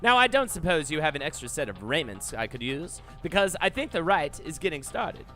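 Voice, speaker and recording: A man's voice: a little high, very animated, a little fast, bright, forceful tone, faint music behind. A man putting on a sly, flirtatious winged harp woman. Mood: coy, teasing. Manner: old-timey transatlantic drawl, calls people darling.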